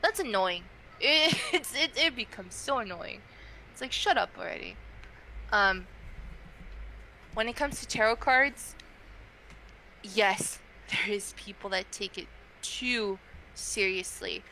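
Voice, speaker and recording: Bright-voiced young woman chatting. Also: medium pitch, takes it slowly, long pauses, a little hiss or hum, poor audio. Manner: chatty, frequent fillers, animated quoting. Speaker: guest, tarot reader. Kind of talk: casual interview chat.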